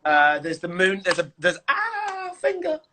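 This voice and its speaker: A man's voice: sits high, huge pitch swings, unhurried, bright, forceful tone, a little hiss or hum. A British man in his thirties chatting casually and jokily as co-host of a live stream, rambling from one joke to the next. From Great Britain. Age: 30s. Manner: playful, jokey, rambling. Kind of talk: casual chat.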